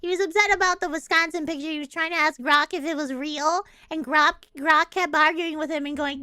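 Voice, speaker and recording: Giggly high-voiced woman streamer. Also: steady tone, fairly quick, hardly any pauses, bright, forceful tone, dry recording, clean studio sound. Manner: giggly, profane, rambling. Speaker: VTuber streamer. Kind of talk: casual chat stream.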